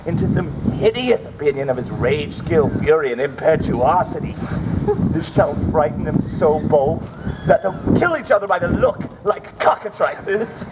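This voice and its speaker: A man's voice: fairly high pitch, animated, normal speed, very noisy, lightly acted. A man playing a boisterous, scheming old knight with declamatory stage delivery, outdoors. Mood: plotting. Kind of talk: outdoor Shakespeare stage acting.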